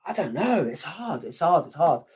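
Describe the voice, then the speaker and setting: A man's voice: a little high, very animated, moderate pace, slightly rough. A British man hosting a casual live stream from home, reading out viewer comments in a chatty, self-deprecating way with casual swearing. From United Kingdom. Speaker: YouTube grave-visiting channel host.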